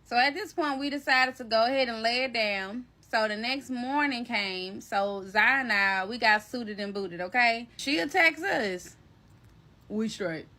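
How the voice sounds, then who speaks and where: A woman telling a personal story to her viewers in a casual, animated, slangy way, calling them y'all and baby. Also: on the high side, measured pace. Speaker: storyteller recounting a personal event.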